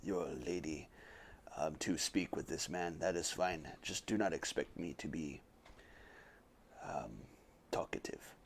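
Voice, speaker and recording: A man's voice: low voice, unhurried, pauses often, a little hiss or hum. A man voicing a reserved samurai who speaks stiffly and formally. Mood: curt.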